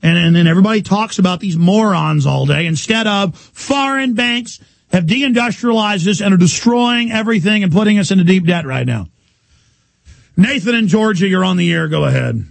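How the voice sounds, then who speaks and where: A man hosting a talk radio show, ranting loudly and combatively with sarcasm. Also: sits high, expressive, moderate pace, vocal fry, dry recording.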